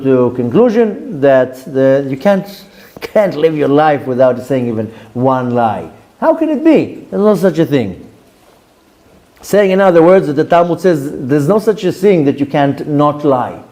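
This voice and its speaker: A man, a rabbi giving a Torah class and telling stories with lively, acted-out quotes. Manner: lively storytelling, voices quoted speakers with big pitch jumps.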